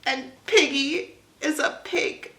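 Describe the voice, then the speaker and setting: A woman voicing an anxious male elephant in a picture-book read-aloud, with halting, dramatic, worried lines broken by sneezes. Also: high voice, fairly bright tone, reverberant, a little hiss or hum, heavily acted. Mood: glum.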